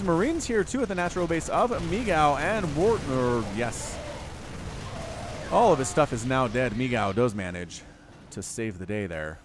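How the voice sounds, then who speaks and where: A young man casting a strategy game, chatty and animated, jumping up sharply when the action heats up. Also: mid-range voice, a little hiss or hum. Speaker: game caster. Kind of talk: game commentary.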